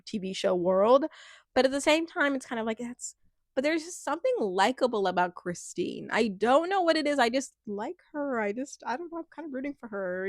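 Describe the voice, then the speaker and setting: A woman's voice: medium pitch, dry recording, clean studio sound. A woman giving a casual, chatty recap of a reality show, rambling with lots of fillers and acting out quotes with a laugh.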